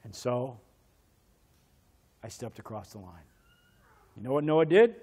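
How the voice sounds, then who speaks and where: This man has a husky, warm voice with an unhurried, sing-song lilt. Preaching in church, he tells a childhood story, acting out its voices with pitch swings, then guides the congregation in prayer.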